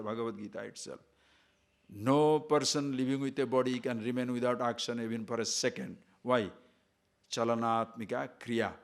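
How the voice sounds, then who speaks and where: A man's voice: medium pitch, normal speed, bright, forceful tone. A man giving a discourse on scripture as a spiritual teacher, emphatic and full of rhetorical questions, sometimes chanting verses in Sanskrit.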